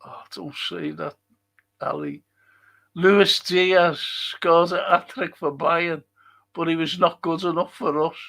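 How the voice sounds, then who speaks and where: A man's voice: a little high, fairly even intonation, slow pace, gravelly, a bit bright. A man hosting a live fan show, reading viewer comments and ranting bluntly with plenty of swearing. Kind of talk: live-stream chat reading and rant.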